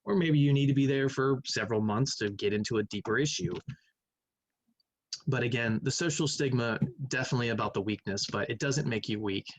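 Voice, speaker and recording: A man's voice: medium pitch, brisk, dry recording, low-quality recording. A male math teacher giving a recorded lecture, going over quiz answers in a conversational, think-aloud manner. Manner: conversational, thinking aloud, hums while reading.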